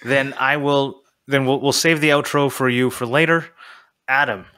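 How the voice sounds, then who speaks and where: A man hosts a casual podcast in a bright, forceful voice. He talks loosely, trailing off with fillers and throwaway asides. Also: mid-range voice, normal speed, clear, resonant tone. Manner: relaxed, chatty, trails off with fillers. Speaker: podcast host. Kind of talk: casual chat.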